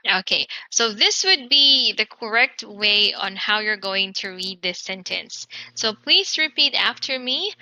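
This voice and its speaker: A woman with a very bright, crisp voice teaching an online English pronunciation lesson. She speaks clearly and encouragingly and slowly repeats the example words. The sound is close and dry, with no room echo. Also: medium pitch, animated.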